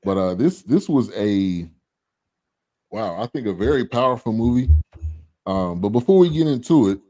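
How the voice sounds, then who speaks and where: A man hosts a casual online show. He talks in a relaxed, loose way, with many fillers and easy laughs. The sound is dry and close. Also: fairly low pitch, normal speed, no echo. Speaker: host. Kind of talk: casual podcast chat.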